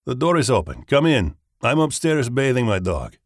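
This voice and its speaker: A man's voice: mid-range voice, big pitch swings, moderate pace, no room sound, clean studio sound, pitched above the performer's own voice, close to an everyday voice. A man voicing a hostile middle-aged Russian ex-colonel in hiding, with a Russian accent, curt and menacing, in an audiobook. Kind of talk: audiobook character reading.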